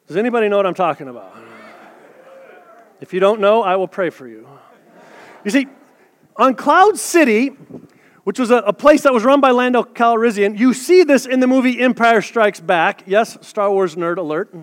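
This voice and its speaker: High-voiced male pastor in a reverberant hall. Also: lively intonation, moderate pace, pauses often. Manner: conversational, joking asides to the congregation. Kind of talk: sermon.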